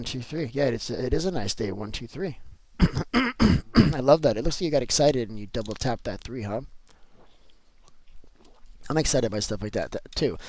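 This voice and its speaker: A man's voice: medium pitch, dry recording. A man chatting casually with viewers on a live game stream, answering chat and repeating himself as he talks.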